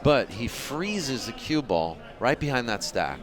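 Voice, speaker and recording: Lively, chatty male pool commentator. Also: mid-range voice, measured pace, crowd noise. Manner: chatty, joking with viewers, laughs often. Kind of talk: casual live play-by-play commentary.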